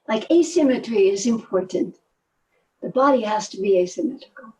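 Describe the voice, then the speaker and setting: An older woman telling stories in a relaxed conversation, animated and laughing often, often trailing off mid-sentence. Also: mid-range voice, moderate pace, recorded from a distance, low-quality recording. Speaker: guest, movement teacher. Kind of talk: conversational storytelling.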